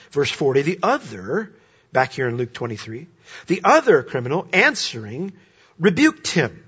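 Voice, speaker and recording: Man, preacher, sermon, husky edge, dull lo-fi recording. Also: a little high. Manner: animated preaching, swings from loud emphasis to hushed asides. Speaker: pastor.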